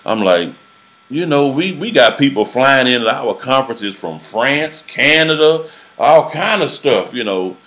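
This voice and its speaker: A man who preaches, telling his own story in a halting, earnest way, repeating words as he searches for them. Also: mid-range voice, expressive, a bit bright. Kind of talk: personal testimony in a casual interview.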